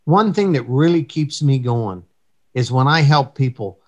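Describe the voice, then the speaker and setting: A man's voice: medium pitch, lively intonation, unhurried. A middle-aged man who works as a golf coach, talking bluntly and emphatically in a casual podcast chat, swearing freely.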